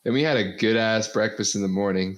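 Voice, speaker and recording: A young man co-hosting a podcast, teasing the others with quick questions in casual chat. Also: fairly low pitch. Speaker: podcast co-host.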